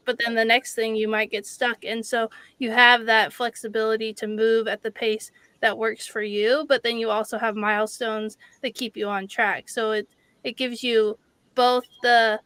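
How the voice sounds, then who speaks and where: A woman's voice: a little high, a bit bright, clear, resonant tone, no room sound. A woman hosting a casual interview over a video call, upbeat and conversational with "like" fillers. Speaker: interview host.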